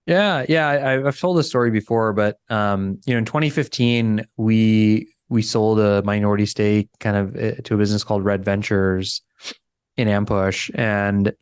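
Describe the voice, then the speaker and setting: With a fairly low, clean voice at a moderate pace, a middle-aged man appears as a podcast guest in a relaxed interview, animatedly telling a story and performing the quotes of its characters. The studio-quality sound has no room sound.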